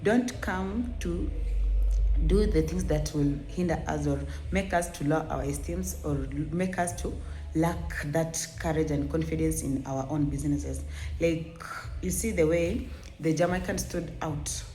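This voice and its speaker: A woman hosting a reaction video, giving earnest and emphatic commentary that is sometimes slow and halting. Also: low-pitched, mellow, a little hiss or hum. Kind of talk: opinionated commentary. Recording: echoey room with faint ambience.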